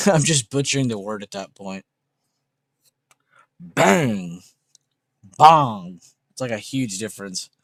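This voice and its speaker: A man with a lowish voice chats casually on a livestream from a home setup. He jokes loosely, swears now and then and laughs at his own jokes. The sound is dry and close to the mic. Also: a little fast, no room sound. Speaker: livestream host. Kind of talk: casual livestream chat reading viewer comments.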